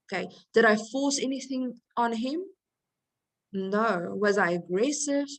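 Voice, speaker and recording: A woman's voice: on the high side, normal speed. A middle-aged woman teaching a recorded lesson for Christian women, chatty and often laughing, asking rhetorical questions and checking in with her listeners.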